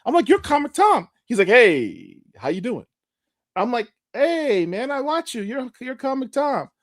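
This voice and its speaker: A man, a podcast co-host, telling a story with excitement, stammering and acting out quotes in casual chat. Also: extremely high pitch, measured pace, no echo, studio quality.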